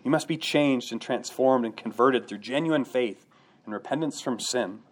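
A man's voice: mid-range voice, moderate pace, slight background noise. A man preaching a sermon to his congregation, earnest and direct, often checking in with rhetorical questions. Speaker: pastor.

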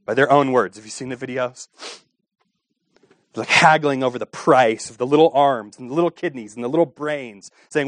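A man's voice: mid-range voice, normal speed, no echo. Impassioned preaching man, dry sound. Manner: impassioned preaching with rhetorical questions, swinging between hushed and raised. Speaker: pastor. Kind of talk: sermon.

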